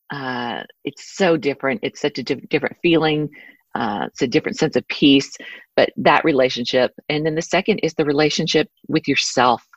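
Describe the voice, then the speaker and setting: Woman, low voice, earnest, rambling, dry close sound, dull lo-fi audio. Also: dry recording. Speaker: podcast guest, author. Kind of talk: casual interview talk.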